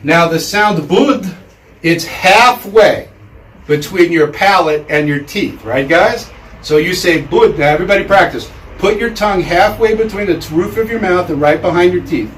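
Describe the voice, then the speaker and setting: A man's voice: high voice, normal speed, fairly bright tone, a little hiss or hum. Chatty man lecturing from afar. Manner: chatty, with many fillers and audience drills. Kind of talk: casual public lecture. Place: room with an audience. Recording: echoey room, mic far off.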